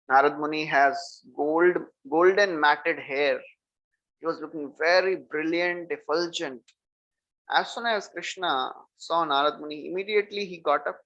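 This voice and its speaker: A man's voice: a little high, a bit bright. A man giving a scriptural lecture, retelling a story and acting out the characters' speech. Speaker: preacher. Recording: dull lo-fi lecture recording.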